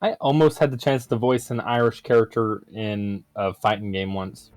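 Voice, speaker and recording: A man's voice: lowish voice, flat delivery, moderate pace, darkish tone, no room sound. A man chatting casually as a player after a tabletop game, earnest and telling stories. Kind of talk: casual chat.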